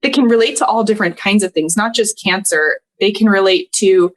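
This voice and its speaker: An earnest woman in her thirties opens up as a podcast guest. Her medium-pitched voice wavers with emotion as she tells a personal story, and she laughs through the tears now and then. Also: fairly quick.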